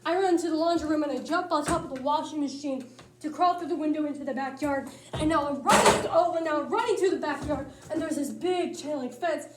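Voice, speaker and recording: A woman with a high voice delivers a comedic monologue in punchy, lively storytelling. The sound carries a roomy echo from the space she's in. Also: fairly quick, very noisy. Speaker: speech tournament competitor.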